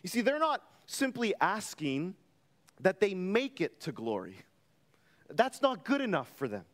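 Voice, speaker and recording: A man preaching a sermon as pastor, explaining a scripture passage with emphatic, deliberate delivery. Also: sits high, wildly swooping pitch, a bit bright, in a large hall.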